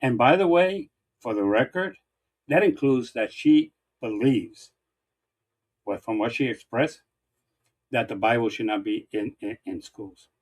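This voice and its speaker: A man's voice: mid-range voice, measured pace, long pauses. Emphatic man arguing politics. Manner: emphatic, repetitive, lists points one by one. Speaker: political show co-host. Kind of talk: heated political debate.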